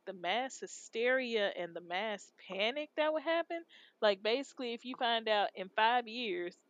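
A Texan woman with a medium-pitched voice co-hosts a podcast, chatting casually in a rambling, slangy, laid-back way. The recording is dry and sounds dull.

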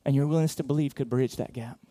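In a church auditorium, a pastor preaches a sermon conversationally, with many fillers and restarts, alternating between loud, emphatic bursts and quiet asides. He talks fast in a mid-range voice.

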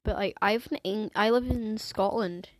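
Speaking at medium pitch and a normal speed, this English teenage girl wanders through her own laid-back podcast, constantly interrupting herself and leaning on filler words. There's no room sound at all.

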